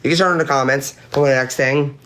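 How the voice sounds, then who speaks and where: A man's voice: mid-range voice, fairly even intonation, quick pace, fairly bright tone, clear, resonant tone. Blunt, profane man recounting online drama. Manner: blunt, profane, reads chat messages aloud; emphatic, repeats points for effect. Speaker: panelist on a live-stream panel.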